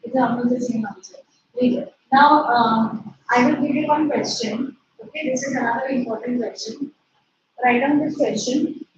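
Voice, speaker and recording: Lady teacher, high voice, slow dictation, echoey far off muffled recording. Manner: slow dictation, repeating and spelling words. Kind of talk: dictating a class lesson. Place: classroom or online class. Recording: echoey, distant, muffled with noise.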